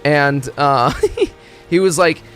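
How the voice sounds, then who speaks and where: A man streaming a video game, talking in a rambling, excitable, profane way as he plays. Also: fairly high pitch, slow. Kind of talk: casual gaming commentary. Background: faint game music.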